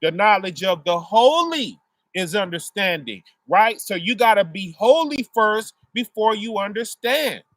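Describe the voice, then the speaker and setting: High-voiced man preaching, checking "right?". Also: sing-song, a little slow, fairly bright tone, no room sound, clean studio sound. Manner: asks "right?" after nearly every phrase; explains through everyday family examples. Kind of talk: casual street sermon.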